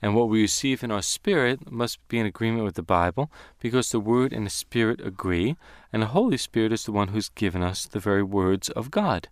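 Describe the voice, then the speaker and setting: A man teaching a Bible lesson on Hebrew words, speaking deliberately and slowing down to stress key words. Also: fairly low pitch, expressive, dry recording, clean studio sound.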